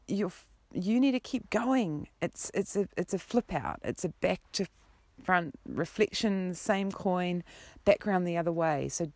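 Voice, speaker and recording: A woman spiritual teacher talks to her viewers in an earnest, gentle, rambling monologue. Her voice sits low. The sound is dry, with no room echo. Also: lively intonation, normal speed. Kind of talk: casual spiritual vlog monologue.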